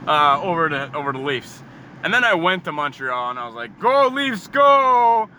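A young man ranting profanely and sarcastically, jumping from loud outbursts to low muttering. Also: a little hiss or hum. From Canada. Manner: swears constantly, sarcastic, swings between shouting and muttering. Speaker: hockey fan ranting. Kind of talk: profane casual rant.

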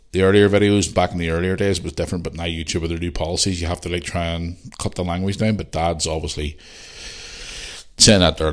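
Deep-voiced Northern Irish man telling a story. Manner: rambling, swearing, laughing storyteller. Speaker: podcast host. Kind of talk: casual storytelling.

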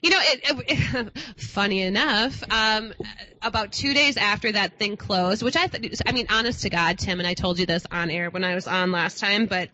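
A woman's voice: medium pitch, moderate pace, slight background noise. A woman from Minnesota, a psychic guest on a radio show, talking casually and chatty with frequent laughs. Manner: chatty, laughs often, warm asides. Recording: slightly dull lo-fi sound.

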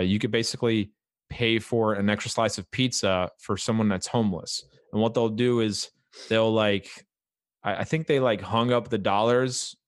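A man's voice: lowish voice, no echo, studio quality. A young man co-hosting a podcast, emphatic and fired up, swearing casually. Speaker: podcast co-host.

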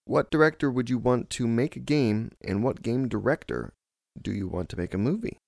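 A man co-hosting a casual comedy podcast. He reads news items and listener questions aloud in quick bursts and laughs often. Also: mid-range voice, lively intonation, vocal fry, darkish tone, no room sound, clean studio sound.

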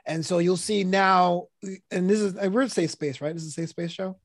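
A man with a notably high speaking voice talks casually on a podcast, laughing often and dropping into little put-on voices for a joke. The sound is dry and close, with no room around it. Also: steady tone, normal speed, no room sound. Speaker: podcast co-host and comedian.

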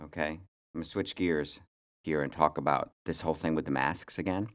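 A male podcast host talking casually in a very low voice. He rants bluntly and repeats words as he goes. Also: brisk, a bit bright. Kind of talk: casual chat.

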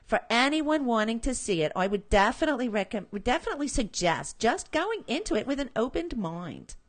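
A woman's voice: fairly high pitch, big pitch swings, a little fast, pitched above the performer's own voice. A woman voicing a cheerful college-age young woman as she reads a listener's text aloud. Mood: upbeat.

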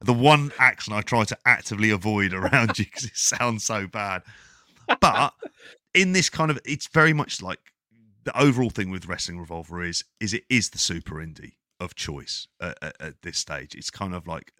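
A man co-hosting a casual wrestling podcast, talking in a sweary, rambling, animated way. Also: fairly low pitch, normal speed, no room sound, studio quality. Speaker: podcast co-host.

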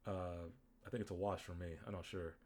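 A man's voice: low voice, flat delivery, a little fast, a little mellow, slight background noise. A man co-hosting a podcast in casual chat, rambling and joking with lots of fillers. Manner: rambling, jokey, with many fillers. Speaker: podcast co-host. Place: lives in Dallas.

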